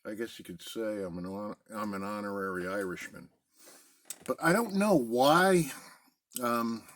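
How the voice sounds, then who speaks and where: A middle-aged man chatting casually in a relaxed, rambling way from a basement den at home. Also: lowish voice. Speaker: pipe-smoking video host. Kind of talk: casual pipe-smoking chat.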